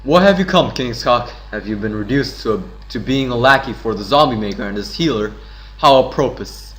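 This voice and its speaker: A man's voice: medium pitch, animated, a little fast, a bit bright, close to an everyday voice, low-quality recording. A man reading aloud as a scornful, condescending villain scientist in a game. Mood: sneering. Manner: sneering and condescending.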